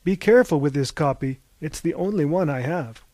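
A man's voice: on the high side, lively intonation, brisk, mellow, no room sound. A man voicing a formal, dramatic author and film director in an audiobook. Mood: courteous. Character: proud, emotional male author and film director.

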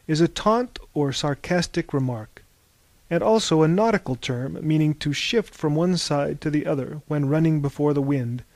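A man narrating an audiobook in a calm, wry storytelling manner. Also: on the high side, no room sound.

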